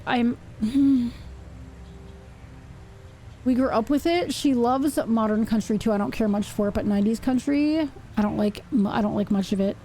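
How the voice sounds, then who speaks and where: A young woman streamer chatting casually while she plays, rambling and thinking out loud with self-mocking asides. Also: fairly high pitch, moderate pace, slight background noise. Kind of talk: casual live-stream chat while gaming.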